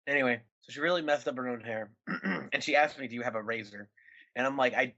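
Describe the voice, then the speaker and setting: A man's voice: mid-range voice, quick pace, creaky. A man in his twenties chatting casually as a podcast co-host, swearing often and slipping into silly voices. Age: 20s. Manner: animated, swears a lot, does silly voices. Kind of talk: casual chat. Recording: dull lo-fi audio.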